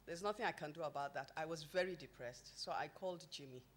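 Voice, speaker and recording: A woman's voice: low voice, quick pace, slight background noise. A woman, a company founder, speaking at a podium microphone before an event audience, mixing a formal speech with humorous, emphatic anecdotes. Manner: humorous storytelling, emphatic and lively.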